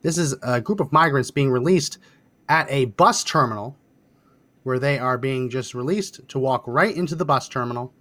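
A man hosting a political podcast, presenting clips with a brisk, sardonic delivery. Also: medium pitch, fairly bright tone. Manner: brisk, sardonic, directing the producer. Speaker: podcast host.

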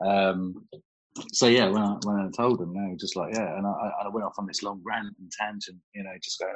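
A man's voice: fairly low pitch, fairly even intonation, a little fast, slightly rough, low-quality recording. A middle-aged man, chatting casually and telling stories, laughing often and swearing freely. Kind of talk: casual chat.

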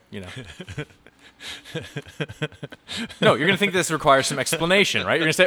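Brief: male host, slightly high voice with a very animated pitch, playful and tangent-prone, giving a live youth talk. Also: fairly quick, pauses often. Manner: animated, joking, improvises tangents.

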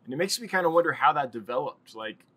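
A man's voice: a little high, lively intonation, fast talker, sharp tone, slightly rough. A man hosting a casual live stream, rambling and chatting with viewers and laughing often.

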